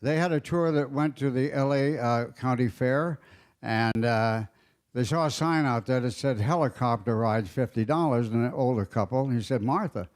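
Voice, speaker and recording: An older man telling stand-up jokes at a roast, with a halting, fumbling delivery full of fillers. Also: mid-range voice. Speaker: comedian at a roast. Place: banquet dais.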